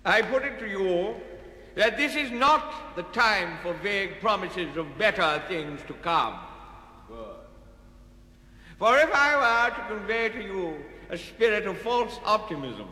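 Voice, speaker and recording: An actor playing a pompous middle-aged politician who gives an orotund, evasive speech in a comic recording. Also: male voice, high-pitched, lively intonation, measured pace, sharp tone, exaggerated voice. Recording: echoey hall reverb.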